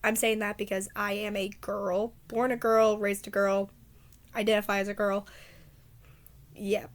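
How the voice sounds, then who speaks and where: A congested, hoarse woman with a raspy voice, rambling casually in a vlog and stumbling over her words. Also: medium pitch, flat delivery, unhurried. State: congested, hoarse from a sore throat. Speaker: video creator.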